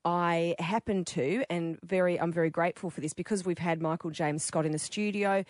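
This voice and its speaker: A woman's voice: fairly low pitch, fairly even intonation, a little fast, a little mellow, dry recording, studio quality. A woman, hosting casual radio chat and telling stories with acted-out quotes. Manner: chatty storyteller, acts out quotes. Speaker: radio host.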